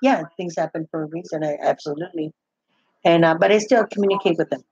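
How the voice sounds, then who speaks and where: Older woman with a husky voice, rambling. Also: fairly low pitch, fast talker, a little mellow, no room sound. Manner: rambling, full of restarts and "I go". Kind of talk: casual chat. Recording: dull, muffled, lo-fi sound.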